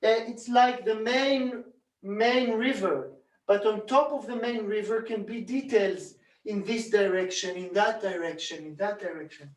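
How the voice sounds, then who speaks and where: A man calmly teaching a hands-on bodywork technique, demonstrating as he talks and repeating rhythmic sounds while he works. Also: high-pitched, unhurried. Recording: roomy echo, distant from mic.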